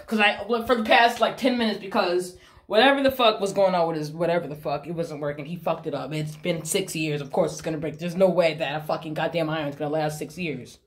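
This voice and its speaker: Recorded in an echoey bathroom, a young adult woman talks casually into her phone camera as a vlogger, cursing freely. Her voice sits low, with a steady tone and a slightly quick pace.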